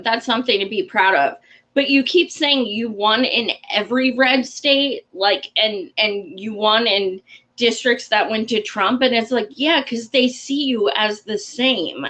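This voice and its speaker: A young adult woman hosting a casual political commentary show, blunt, profane and excitable. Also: fairly high pitch.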